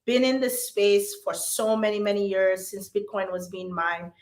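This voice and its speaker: A woman from Jamaica, hoarse from losing her voice, chatting as a guest in a bubbly, playful way. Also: mid-range voice, little pitch movement, normal speed, a little mellow, echoey room. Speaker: guest entrepreneur. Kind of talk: casual chat.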